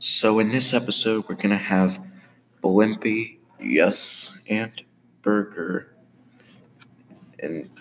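Low-voiced man rambling through commentary. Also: fairly bright tone, slight background noise. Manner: rambling, many fillers. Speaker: animator commenting on his own series. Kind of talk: casual commentary.

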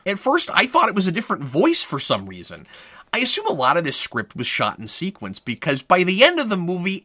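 Wry, lively male movie reviewer. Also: a little high, husky, dry recording, studio quality. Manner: wry, sarcastic. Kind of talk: scripted review commentary.

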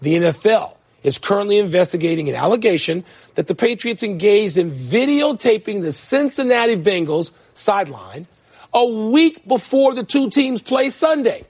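A man's voice: high-pitched, big pitch swings, normal speed, darkish tone, breathy edge. A man in his sixties co-hosting a sports talk show, debating emphatically with laughing asides and reading segment introductions. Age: 60s.

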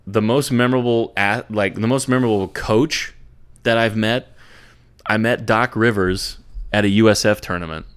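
A man's voice: on the low side, moderate pace, fairly bright tone, clean tone. A young man chatting casually about sports on a podcast, laid-back and profane, with lots of fillers and restarts. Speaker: podcast co-host.

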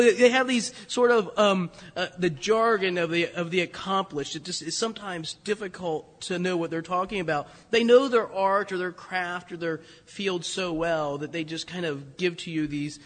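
Male preacher, high voice, chatty self-deprecating sermon, long hall reverb. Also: fairly bright tone. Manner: storytelling, conversational, self-deprecating with chuckles.

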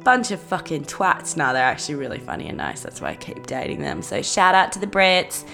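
A woman's voice: low voice, huge pitch swings, brisk, creaky, fairly bright tone, soft background music. A young Australian woman hosting her own podcast, rambling and giggly in a casual chat, swearing freely. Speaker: podcast host.

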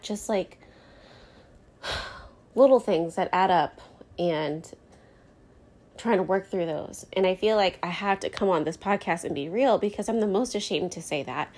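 A woman's voice: on the low side, darkish tone. A woman in her thirties hosting her own podcast, talking candidly with lots of fillers, tired and close to tears. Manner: candid, rambling, many fillers like "you know" and "like". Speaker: podcast host. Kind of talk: candid solo podcast talk.

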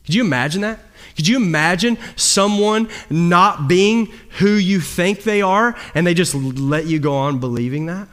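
Guy preaching a sermon, kinda high voice, big swings loud to soft. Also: normal speed. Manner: dynamic preaching, swings between loud high emphasis and low quiet drops. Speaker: pastor.

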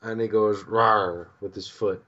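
A man's voice: mid-range voice, moderate pace, darkish tone, dull audio. Laughing man acting out manga scenes. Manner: laughs often while acting out characters' lines. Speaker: podcast co-host. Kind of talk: casual chat, recapping a manga.

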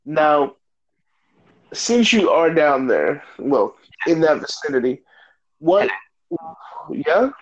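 American guy hosting a gaming podcast, kinda high voice, joking around, muffled lo-fi audio. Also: big pitch swings, takes it slowly, pauses often. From United States. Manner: joking, hyped, tired late-night banter. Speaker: podcast host. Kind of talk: casual gaming chat.

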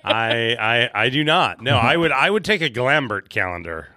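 Man, casual quiz player, animated pitch, bright tone, dry room. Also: normal speed, dry recording. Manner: hedging, starts with "I would assume". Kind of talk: casual group quiz chat.

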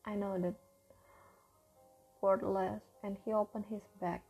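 A woman reading a first-person novel aloud as an audiobook narrator, in a measured, even storytelling delivery. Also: medium pitch, creaky, husky, faint music behind, poor audio.

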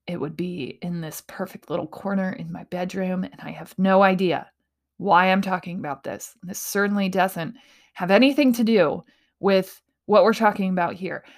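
A woman hosting a casual motivational talk, playful and quick to laugh at herself, often dropping into breathy whispers. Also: medium pitch.

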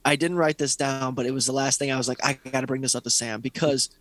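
A man's voice: medium pitch, steady tone, quick pace, a bit bright, no echo. A man co-hosting a casual podcast about a fighting reality show, talking in a sarcastic, profane way and mocking people with impressions. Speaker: podcast co-host.

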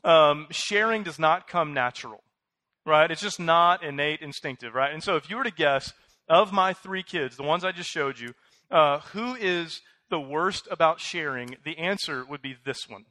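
A man in his thirties preaching a conversational sermon as pastor, animated, with many fillers and restarts. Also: fairly high pitch, moderate pace, dry recording.

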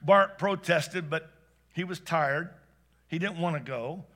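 A man telling a heartfelt story aloud, animated and swinging between hushed and excited delivery. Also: on the high side, slow. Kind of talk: expressive spoken storytelling.

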